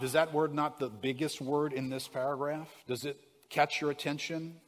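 A man's voice: a little high, steady tone, normal speed. Emphatic male preacher in a reverberant hall. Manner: emphatic, stresses single words, asks the room questions. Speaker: pastor. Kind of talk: sermon.

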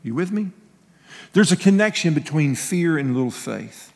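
A man's voice: on the high side, animated, normal speed, creaky, in a large hall. A male pastor giving a sermon in a folksy, conversational way, telling personal stories with restarts and laughing asides.

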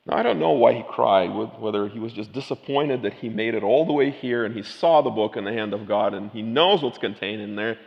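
A man's voice: on the low side, brisk, vocal fry, few pauses, big-room sound, muffled recording. A man preaching a sermon, moving between casual asides and emphatic scripture reading. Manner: reads scripture with rising, emphatic intensity.

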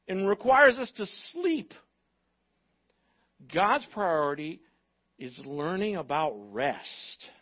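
A man preaching as a pastor, animated and joking, acting out the excuses people make. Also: extremely high pitch, husky, lo-fi sound. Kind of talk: sermon.

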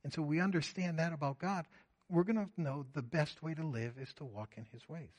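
Emphatic preaching man, somewhat high voice. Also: a little fast, muffled recording. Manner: emphatic preaching, swinging between loud declarations and quiet asides. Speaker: pastor. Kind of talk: sermon.

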